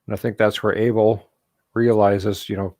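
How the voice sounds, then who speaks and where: A man's voice: fairly low pitch, level tone, moderate pace, background noise. A man hosting a casual live stream about comics, laughing often and acting out character quotes as he goes. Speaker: host.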